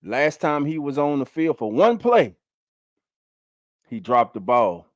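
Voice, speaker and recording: Guy hosting a fan stream at home, hammering points over and over, shouting out the chat, dry close sound. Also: medium pitch, sing-song, slow, dry recording. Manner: emphatic, repeats key lines; hands out shout-outs to chat. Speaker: fan show host. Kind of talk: casual livestream commentary. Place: home livestream setup.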